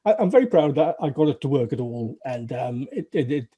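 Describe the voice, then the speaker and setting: A man's voice: medium pitch, animated, brisk, slightly rough, dull audio. A middle-aged man with a Northern English accent, chatting in an interview with wry, self-deprecating humour and many restarts. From Northern England. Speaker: guest, former games programmer. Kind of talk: casual interview recollection.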